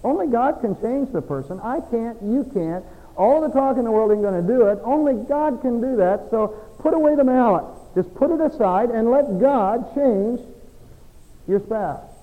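Preacher, high mellow voice, hall reverb. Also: male voice, expressive, normal speed. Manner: preaching with swings from soft to emphatic; folksy, self-deprecating asides. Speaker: pastor. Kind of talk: sermon. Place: church sanctuary. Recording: long church reverb.

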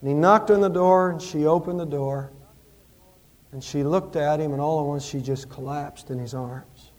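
A man preaching a Christmas sermon in a church, with impassioned rises and hushed storytelling. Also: a little high, normal speed. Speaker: pastor.

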